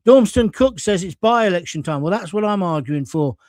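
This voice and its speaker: A man's voice: sits high, expressive, moderate pace, darkish tone, no echo, clean studio sound. A middle-aged man from England hosting a live stream, reading out viewer comments in a blunt, combative, chatty way and swearing freely. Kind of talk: casual live-stream chat.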